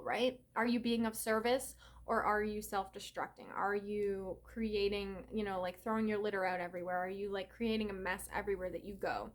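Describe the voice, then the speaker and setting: A woman talks through a casual spiritual update in an earnest, conversational way. She keeps tossing in "right?" and "okay?" and lets the odd curse slip. Her voice sits at an ordinary middle pitch for a woman. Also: fairly even intonation, brisk, hardly any pauses. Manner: chatty, peppers speech with "right?" and "okay?"; earnest, mildly profane. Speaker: spiritual reader and yoga teacher.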